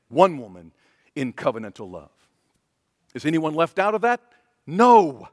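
A man preaching with a high, lifted voice, earnest and emphatic, hammering his points home through repetition. His voice is close and dry at the mic, yet a long reverb trails behind it as if it fills a large hall. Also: a bit bright. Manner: earnest, emphatic, repeats key phrases. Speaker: pastor. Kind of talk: sermon.

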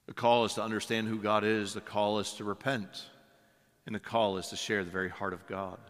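A man's voice: on the low side, level tone, brisk, fairly bright tone. A man preaching a sermon as pastor, emphatic, with many rhetorical questions and repeated words. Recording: long hall reverb.

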